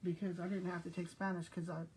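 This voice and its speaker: A woman's voice: lowish voice, little pitch movement, fast talker, darkish tone, a little hiss or hum. An older woman from South Texas, a retired school principal, chatting casually and telling everyday stories straight to her viewers. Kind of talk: casual chat.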